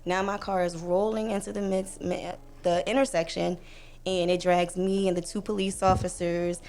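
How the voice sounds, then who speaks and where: A young woman telling a personal story on a podcast in a casual way, acting out the people in it with lively quoted lines. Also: fairly low pitch, moderate pace. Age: young adult. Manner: animated retelling, acts out voices, fillers. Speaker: podcast guest.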